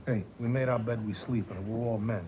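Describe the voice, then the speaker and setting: A man speaking streetwise film dialogue in a quick, pleading way. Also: lowish voice, fairly even intonation, mellow, faint music behind.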